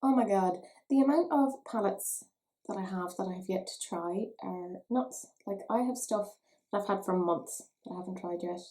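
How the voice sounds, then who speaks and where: A woman's voice: mid-range voice, normal speed, dark tone, low-quality recording. A woman, chatting playfully and mocking herself while doing her makeup at home for a beauty vlog. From Ireland. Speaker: beauty vlogger. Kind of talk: casual makeup tutorial chat.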